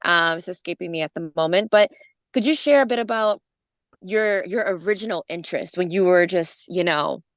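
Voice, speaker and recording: A woman interviewing a guest on her podcast, her voice lower than most. She laughs easily and lets her questions wander before landing them. The sound is dry, with no room echo. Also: moderate pace. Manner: warm laughing, meandering questions. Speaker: podcast host.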